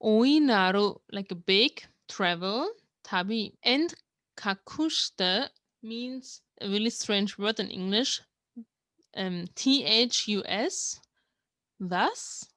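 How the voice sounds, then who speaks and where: Her pitch is medium, her intonation lively and her tone fairly bright; she speaks slowly on a dry recording. A native German speaker from Germany, she is a language learner teaching viewers, explaining words individually and reading lines aloud with patience.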